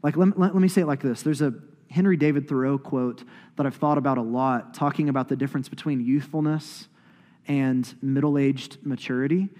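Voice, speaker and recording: A man in his thirties preaching a sermon as pastor, building to loud emphatic peaks and dropping to hushed whispers. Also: mid-range voice, steady tone, a little fast. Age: 30s. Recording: long hall reverb.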